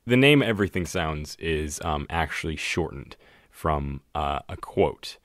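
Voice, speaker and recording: A man's voice: a bass voice, animated, unhurried, fairly bright tone, no room sound, studio quality. A man co-hosting a podcast in casual chat, laid-back and joking, with frequent hesitations. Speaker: podcast co-host.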